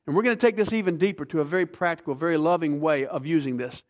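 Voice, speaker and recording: A man preaching a sermon as pastor, emphatic, swinging between hushed, slow passages and forceful ones. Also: fairly high pitch.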